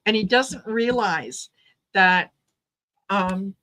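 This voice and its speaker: A woman's voice: medium pitch, very slow, sharp tone. A woman who reads tarot, a guest on a casual livestream chat, who speaks unhurriedly and repeats words as she thinks.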